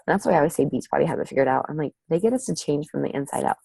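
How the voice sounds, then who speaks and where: A woman's voice: low-pitched, animated, rapid-fire, gravelly, hardly any pauses, warm tone, breathy edge, no echo, poor audio. A woman leading a team training over a video call, upbeat and motivational, who keeps saying "you guys" and "seriously".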